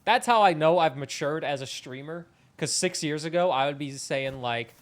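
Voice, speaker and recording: A young man chats casually on a live game stream, wandering from topic to topic with a self-mocking edge and casual swearing. His voice sits a little higher than most men's. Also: normal speed, hardly any pauses. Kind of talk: casual live-stream chat while gaming.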